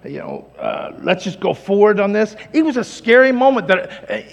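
A man pastor preaching a sermon in a church, energetic and humorous, swinging between loud exclamations and hushed lines. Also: high-pitched, vocal fry. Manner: humorous, acts out quick voices. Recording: long hall reverb in a church.

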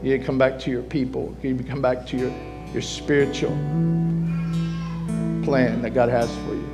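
A man preaching a sermon as pastor, moving from soft pleading to loud shouting and repeating phrases for emphasis. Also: medium pitch, flat delivery, normal speed, loud music behind the voice. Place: church sanctuary.

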